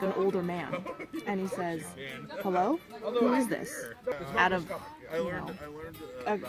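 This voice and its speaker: A young woman casually recounting a true scary experience, chatty and full of fillers. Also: mid-range voice. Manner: conversational, lots of fillers and quoted dialogue. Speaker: storyteller. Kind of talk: casual true-story telling. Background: loud background music.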